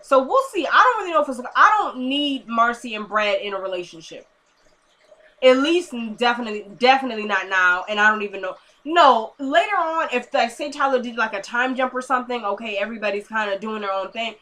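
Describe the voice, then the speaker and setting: A young woman talks straight to camera in a loose, chatty recap, her voice bright and forward. She retells scenes by slipping into the characters' lines, dropping low and quiet for the dialogue, then springing back up when she gives her own take. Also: a little fast. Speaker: TV episode reviewer. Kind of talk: casual recap vlog.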